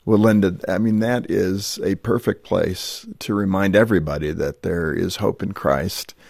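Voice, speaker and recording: Deep, gravelly radio host. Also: male voice, fairly even intonation, normal speed, darkish tone, dry recording, studio quality. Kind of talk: radio interview.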